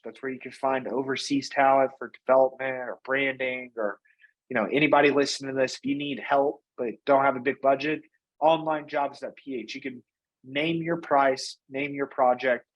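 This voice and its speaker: A man being interviewed as a guest, telling his business story in a casual, energetic way and often tagging on "right?" and "you know". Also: mid-range voice, rough recording. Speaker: guest, company founder and CEO.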